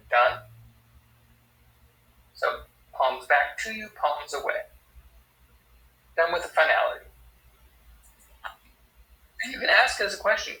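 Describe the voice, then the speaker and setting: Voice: mid-range voice, animated, a little slow, long pauses, sharp tone, echoey room, poor audio. An interpreter voicing a sign language teacher's lesson, explaining step by step and often checking in with "right?". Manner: explanatory, frequent tag questions.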